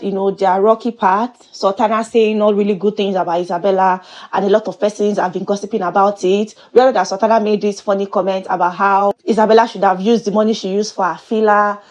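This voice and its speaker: A woman giving a chatty, playful recap of a reality show. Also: mid-range voice. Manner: chatty and animated, with playful exclamations. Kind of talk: casual gossip commentary.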